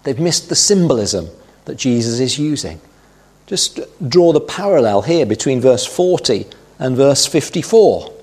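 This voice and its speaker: Husky-voiced man preaching. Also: medium pitch, sing-song, darkish tone. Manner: measured Bible teaching, quoting scripture with emphasis. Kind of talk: sermon.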